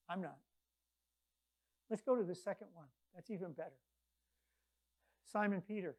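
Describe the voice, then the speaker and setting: A woman delivering a sermon in a conversational, storytelling way. She acts out the people in her scripture stories with quick changes in loudness, rising for big moments and dropping low for quiet ones. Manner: conversational, animated storytelling with quoted voices. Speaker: preacher.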